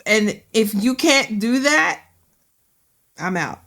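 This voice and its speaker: A woman's voice: fairly high pitch, lively intonation, takes it slowly, fairly bright tone. A woman hosting a career podcast, talking in an emphatic, colloquial way with repeated phrases for emphasis. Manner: emphatic, colloquial, preacher-like repetition. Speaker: podcast host. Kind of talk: casual podcast chat.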